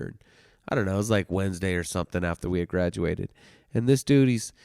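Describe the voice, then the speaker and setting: A man hosting a podcast, telling a story in a loose, heavily swearing way, swinging from loud bursts to hushed asides. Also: low-pitched, fast talker, gravelly, no echo, clean studio sound. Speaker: podcast host telling stories. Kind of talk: casual storytelling monologue.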